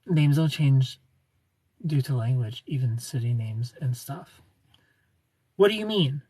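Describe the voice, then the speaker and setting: Husky-voiced man on a livestream. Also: mid-range voice, expressive, unhurried, mellow, dry recording. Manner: playful, chatty, greets viewers by name. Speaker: livestream host. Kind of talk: casual livestream chat.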